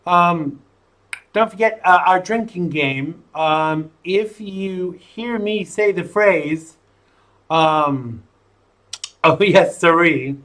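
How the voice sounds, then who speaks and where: Getting his live-streamed talk show ready to go, this host keeps things jokey and playful, clearly entertained by himself. He speaks in a high voice with a fairly bright tone.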